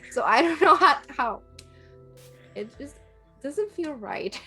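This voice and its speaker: A woman from Puerto Rico, a guest in a casual chat, talking with animated energy and laughing often. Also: high voice, takes it slowly, soft background music.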